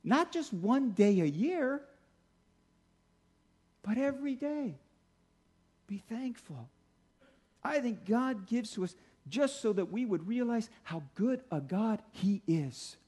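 High-pitched pastor guy giving a sermon, talks casual, drags out the big lines. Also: very animated, darkish tone, husky. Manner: conversational preaching, slows for emphasis.

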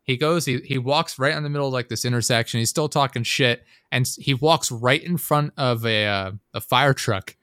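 A young man chats casually and rambles through a story, swearing freely and leaning on fillers. His voice sits at an ordinary pitch. The sound is dry and close, with no room around it. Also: moderate pace, hardly any pauses, a bit bright, smooth, no echo. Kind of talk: casual chat.

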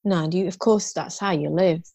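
A woman's voice: on the low side, fairly even intonation, moderate pace, gravelly, dark tone, no echo. A woman in her fifties, a guest in an interview, telling her story frankly and ramblingly, with restarts and rueful laughs.

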